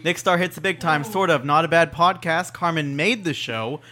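A man's voice: fairly high pitch, moderate pace, bright, forceful tone. A young man hosting a casual podcast chat, teasing his guests and laughing often. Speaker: podcast host.

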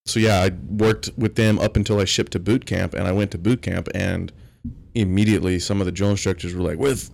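A low, gravelly Texan man in a relaxed podcast chat. He tells his stories in a loose, rambling way, and his voice has a heavy rasp. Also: fairly quick. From Texas. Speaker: podcast co-host. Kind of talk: casual chat.

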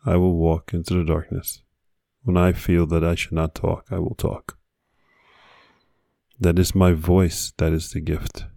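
A man's voice: sits low, monotone, a little slow, creaky, pauses often, mellow, no room sound, clean studio sound. A man hosting a podcast, delivering an earnest motivational monologue with repeated exhortations. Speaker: podcast host.

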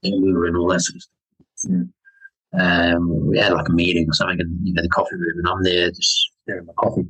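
A man's voice: low-pitched, level tone, a little fast, fairly bright tone, breathy edge, low-quality recording. A man with a light New Zealand accent telling rambling stories on a podcast, full of fillers and restarts. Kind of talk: casual storytelling.

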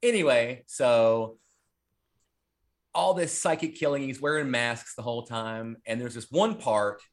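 A man's voice: medium pitch, unhurried. Rambling, profane man chatting casually. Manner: rambling and profane, with many fillers. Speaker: podcast host. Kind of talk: casual horror movie chat.

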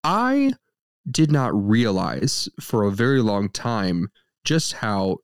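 Lively joking man reviewing films. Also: on the low side, slow, clear, resonant tone, no echo, clean studio sound. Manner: joking, playful and expressive. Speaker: podcast co-host, film reviewer. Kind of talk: casual film review chat.

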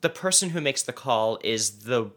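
A man's voice: medium pitch, animated, moderate pace, fairly bright tone. A man co-hosting a casual true-crime podcast, chatty and rambling, with many fillers. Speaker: podcast co-host.

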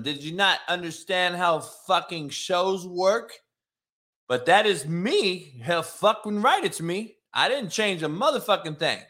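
The voice is high, pushed and bright: a middle-aged man, once a coach and now a show host, brashly swearing through a live-stream rant while ridiculing commenters.

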